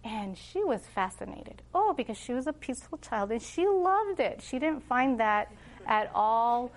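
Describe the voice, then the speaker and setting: A homeschooling mother, middle-aged, gives a casual talk full of stories about raising her children, animatedly acting out what she and they said. Her voice is on the high side, sing-song and unhurried.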